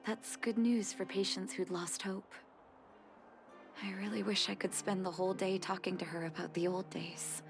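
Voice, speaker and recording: Woman playing a soft-spoken young doctor lady, earnest, heartfelt, game music behind. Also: mid-range voice, fairly even intonation, a little slow, few pauses, natural voice. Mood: resolved. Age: young adult. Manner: gentle, heartfelt, softly emotional. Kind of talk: game dialogue and narration.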